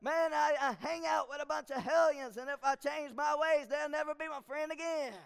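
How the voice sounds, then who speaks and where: A man's voice: very high-pitched, steady tone, normal speed, creaky. A man preacher voicing a tough, scoffing country man who brags and dismisses church. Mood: boastful. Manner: boastful, defiant. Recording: long hall reverb.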